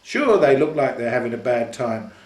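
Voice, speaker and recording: A man's voice: on the high side, expressive, normal speed, recorded from a distance, voice pushed up, close to an everyday voice. An older man voicing a mocking, streetwise fellow prisoner with a hard-nut swagger. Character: streetwise male convict, mocking and quick, switches regional voices. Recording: echoey room.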